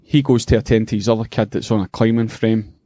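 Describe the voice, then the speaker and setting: A middle-aged Scottish man co-hosting a podcast, telling a funny story in an animated, profane way and laughing as he goes. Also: on the low side, fast talker, no room sound, studio quality. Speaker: podcast co-host. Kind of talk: casual storytelling chat.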